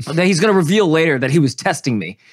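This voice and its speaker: A man's voice: a little high, animated, very fast. A man hosting a podcast, chatting casually with crude, playful jokes. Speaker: podcast host. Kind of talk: casual chat.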